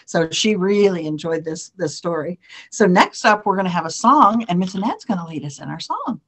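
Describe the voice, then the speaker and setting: A woman's voice: on the low side, expressive, normal speed, breathy edge. Chatty woman hosting a library story time. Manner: chatty, enthusiastic transitions. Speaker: program host. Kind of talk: friendly program hosting.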